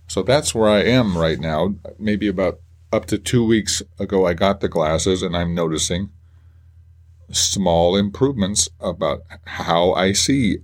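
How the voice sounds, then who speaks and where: A man hosting a faith podcast, talking earnestly and emotionally with halting restarts. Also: low voice. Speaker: podcast host. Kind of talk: personal faith podcast monologue.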